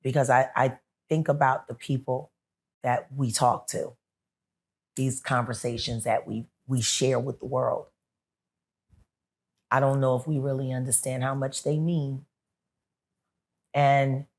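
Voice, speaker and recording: A woman with a strikingly deep, low voice talks as a guest in a casual sit-down chat. She tells her stories with animation and slips into the voices of the people she's quoting. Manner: animated storyteller who acts out the people she quotes. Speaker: interview guest.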